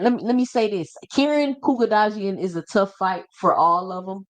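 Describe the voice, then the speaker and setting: A man's voice: high voice, fairly bright tone. A man hosting a boxing livestream, talking casually and slangily straight to his chat and reading out viewer comments.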